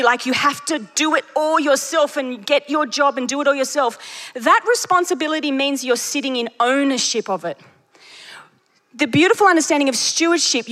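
A woman preacher delivering a sermon, telling stories with lively energy and laughing at her own jokes. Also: high-pitched. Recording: long reverb of a large hall.

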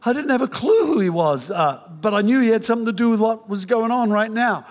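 An older man preaching a sermon, telling his own conversion story in an animated, joking way with many restarts. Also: sits high, brisk, hardly any pauses. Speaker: pastor. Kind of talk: sermon with personal testimony. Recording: reverberant hall.

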